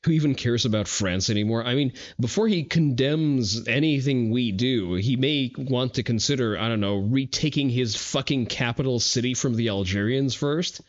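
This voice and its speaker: A man's voice: medium pitch, normal speed, few pauses, dull audio. An American man hosting a livestream, talking bluntly and profanely, with frequent fillers. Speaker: livestream host. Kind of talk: casual stream commentary.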